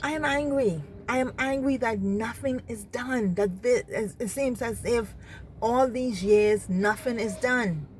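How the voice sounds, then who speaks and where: Her voice is on the high side and unhurried, with slight background noise behind it. Earnestly reflecting on faith and anger with real passion, this woman from the Bahamas circles back over her points and keeps asking her listeners, "you understand?"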